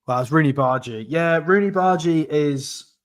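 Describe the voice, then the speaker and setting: A man's voice: a little high, moderate pace. A man co-hosting a casual football chat, plain-spoken and opinionated. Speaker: podcast co-host.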